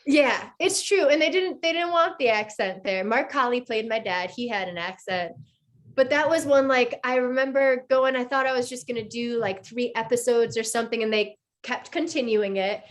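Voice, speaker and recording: Actress lady in her 30s chatting on a podcast, excited storyteller, kinda high voice. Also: moderate pace. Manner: enthusiastic storyteller, acts out quotes. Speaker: actress guest. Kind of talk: casual interview chat.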